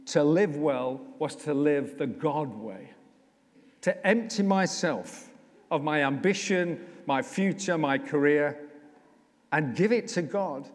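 A man preaching as vicar, his voice a little high and full of rising and falling pitch. He talks to the congregation in a chatty, humorous way, slowing down to drive points home. The sound rings in a church hall. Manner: conversational, humorous, slows down for emphasis. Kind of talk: sermon. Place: church, indoors.

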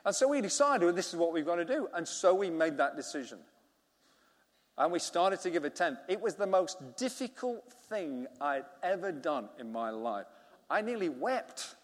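A man's voice: sits high, very animated, normal speed. A middle-aged man, preaching a sermon as a vicar and telling a story with acted-out dialogue. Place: church hall. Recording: long reverb of a church hall.

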